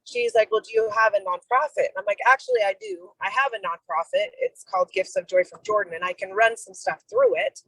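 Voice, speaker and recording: A middle-aged woman in a program shares a personal story over a video call, speaking briskly in a mid-range, breathy voice with hardly any pauses. She acts out the dialogue and leans on "like" a lot. The recording is dry and low quality.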